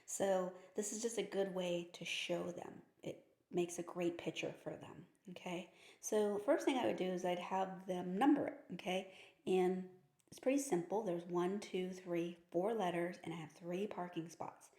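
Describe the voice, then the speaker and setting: Woman, reading teacher, explains step by step, slightly low pitch, echoey room. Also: measured pace, warm tone. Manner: explains step by step, often asks okay. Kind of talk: instructional demonstration.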